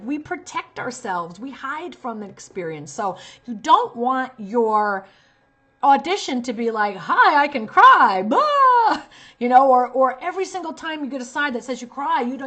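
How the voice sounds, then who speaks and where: A woman's voice: high voice, a bit bright. A woman talent manager giving direct, emphatic advice to actors and acting out short examples as she goes. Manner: direct, talks straight to viewer.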